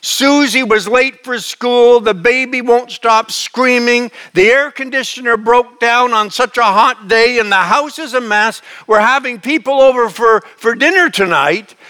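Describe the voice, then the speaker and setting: A man's voice: very high-pitched, measured pace, hardly any pauses, sharp tone, clean tone, voice pushed up, full character voice. A male preacher voicing an overwhelmed young mother, flustered and near tears. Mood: frazzled. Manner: flustered, tearful.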